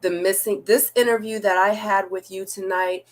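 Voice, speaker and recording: A woman's voice: mid-range voice, fairly even intonation, moderate pace. A woman hosting an interview, speaking in a supportive, affirming, earnest way. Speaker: host. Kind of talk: interview chat.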